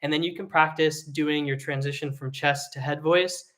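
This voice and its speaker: A singing teacher giving an online vocal lesson, explaining technique in a relaxed way with frequent fillers. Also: mid-range voice, moderate pace.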